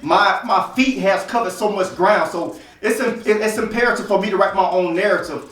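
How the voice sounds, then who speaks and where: A man from Florida co-hosting a podcast, speaking about himself in a slow, deliberate, self-assured way. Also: high-pitched, a bit bright, distant mic. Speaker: podcast co-host. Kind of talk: motivational talk. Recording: echoey room, voice away from mic.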